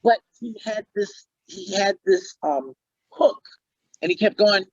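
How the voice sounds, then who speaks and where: A middle-aged man, a musician and actor, telling stories as a guest in a casual interview, animated and often laughing. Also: sits high, measured pace, no room sound, muffled recording.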